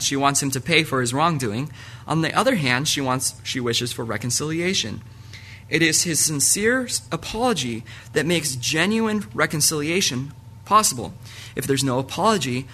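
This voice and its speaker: A man's voice: fairly high pitch, bright, forceful tone. A young adult man preaching a sermon to a live audience in a church hall, casual and rambling, joking and filling gaps with ums. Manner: casual, rambling, jokey with frequent fillers.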